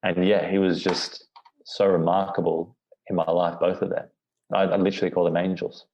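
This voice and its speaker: A podcast guest with a low, slightly mellow voice and vocal fry speaks at normal speed in a flat delivery. He rambles reflectively through a personal story during an interview, peppering it with "you know" and restarts. The audio is dull and lo-fi.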